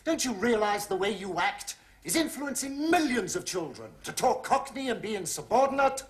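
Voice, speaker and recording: A stern lecturing schoolteacher. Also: male voice, sits high, animated, normal speed. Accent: British.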